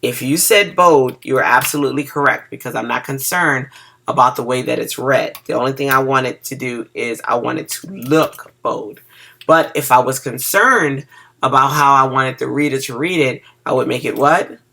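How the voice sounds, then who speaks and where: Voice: medium pitch, moderate pace, creaky, pushed and bright. A web design teacher giving a casual screen-recorded coding lesson. The teacher is groggy from cough medicine, stumbles over words and keeps checking in with "okay?".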